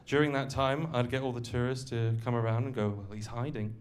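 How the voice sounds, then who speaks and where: A man's voice: mid-range voice, steady tone, quick pace, noisy background. Man, stand-up comic, conversational crowd work, club stage, mid voice. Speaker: stand-up comedian. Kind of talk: stand-up comedy set.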